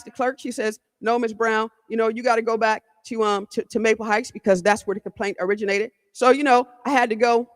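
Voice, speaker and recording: On her podcast, a female host from around Cleveland recounts a story in a fired-up, no-nonsense way, swearing, going over the same points again, and speaking right to her audience. She has a medium pitch, with long reverb like a hall around her.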